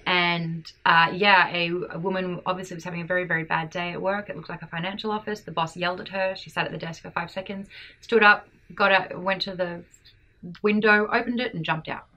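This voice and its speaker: A bright, clear-toned woman chatting on a podcast. She rambles loosely, laughs and stumbles as she hunts for her words. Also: fairly low pitch, steady tone, a little fast. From Australia. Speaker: podcast co-host. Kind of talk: casual chat.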